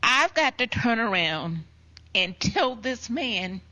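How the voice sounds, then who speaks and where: Older woman softly telling a painful story. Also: a little high, very animated. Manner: slow, emotional retelling with soft hushed quotes. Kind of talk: personal storytelling. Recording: dull lo-fi recording.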